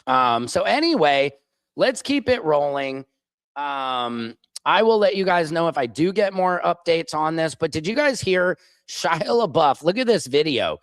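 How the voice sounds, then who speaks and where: A man's voice: on the high side, very animated, a little slow, dry recording. A man, a stand-up comedian hosting his own show, chatting casually on a livestream and drifting off-topic with jokey asides. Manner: rambling, digressive, jokey asides.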